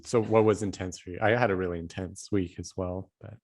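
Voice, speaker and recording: A man with a very deep voice hosting a conversational podcast. He listens closely, speaks calmly, and often uses soft fillers as he gathers his thoughts. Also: quick pace. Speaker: podcast host. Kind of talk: conversational interview.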